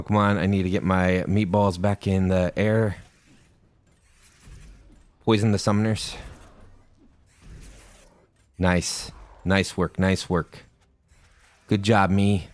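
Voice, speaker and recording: Low-voiced man joking through gameplay. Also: no echo. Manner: playful, talks to himself, corny jokes. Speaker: gaming YouTuber. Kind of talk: gameplay commentary.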